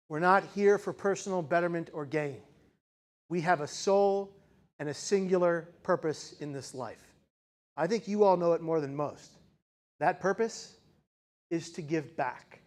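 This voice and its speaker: High-voiced man telling a dramatic story. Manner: dramatic, swings from raised intensity to hushed, slow emphasis; addresses audience directly with rhetorical questions. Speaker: keynote speaker. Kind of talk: personal storytelling speech to a live audience.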